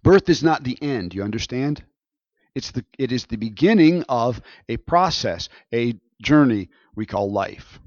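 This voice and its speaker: A man's voice: mid-range voice, lively intonation, measured pace, a little mellow, no room sound, lo-fi sound. A man preaching a sermon in a conversational way, often checking in with his listeners. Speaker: pastor.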